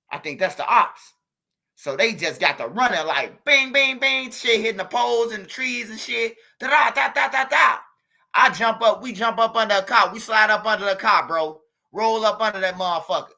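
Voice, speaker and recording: High bright-voiced guy telling a story to his viewers, slangy and swearing, very animated. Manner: animated, slangy, profane, addresses viewers directly, imitates gunshots. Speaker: street news commentator.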